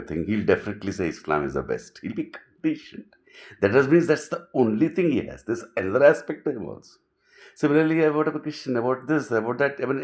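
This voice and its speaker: A middle-aged man, giving an impassioned philosophical talk full of repetition and rhetorical questions, dropping to near whispers at times. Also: mid-range voice. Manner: emphatic, repeats phrases, rhetorical questions, swings between loud and hushed. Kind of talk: impassioned monologue.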